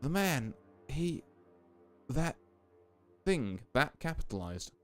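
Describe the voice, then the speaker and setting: A man's voice: fairly high pitch, big pitch swings, slow pace, a bit bright, faint music behind, full character voice. A man doing a dazed, stammering worker. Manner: broken, stammering speech. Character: dazed traumatized male employee, halting.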